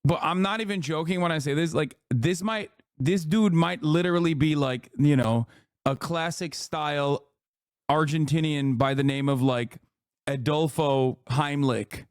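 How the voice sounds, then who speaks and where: A man's voice: a little high, a little slow, smooth, no room sound, studio quality. A man in his thirties giving sarcastic, joking live-stream commentary as he reacts to a clip. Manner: sarcastic, joking, laughs often.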